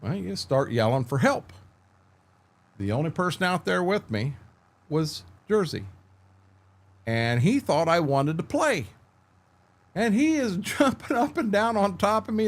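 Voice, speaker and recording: This middle-aged man's voice sits high and sing-song as he livestreams from home, unhurried and with long pauses. He chats casually through rambling, candid stories, frequently starting over and replying to viewers by name.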